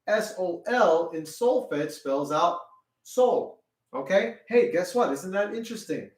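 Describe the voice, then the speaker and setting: Male music teacher, lively pitch, recorded a bit off-mic in a roomy room. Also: measured pace, far from the mic. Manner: patient, repeats "okay?" after each point; sings solfege syllables in a high voice. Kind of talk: children's music lesson. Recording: roomy sound, a little off-mic.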